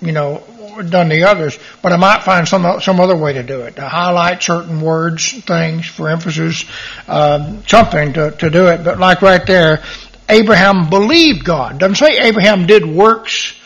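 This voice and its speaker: Man, husky, high-pitched, middle-aged, Bible study teaching, scripture reading with stressed words. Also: moderate pace, a bit bright. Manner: reads scripture aloud and stresses key words. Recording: dull lo-fi recording.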